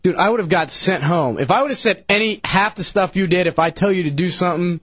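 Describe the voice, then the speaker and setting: A man's voice: sits high, fast talker, fairly bright tone, no echo, highs cut off. A man working as a radio show producer, ranting angrily and belittling an intern on air. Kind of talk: heated on-air argument.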